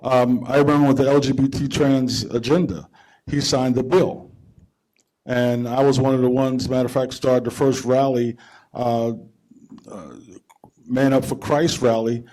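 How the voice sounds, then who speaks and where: A man's voice: medium pitch, little pitch movement, measured pace, a little mellow. A man from New Jersey speaking on a conference panel in an informal, rambling way, with restarts and chuckles. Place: conference hall.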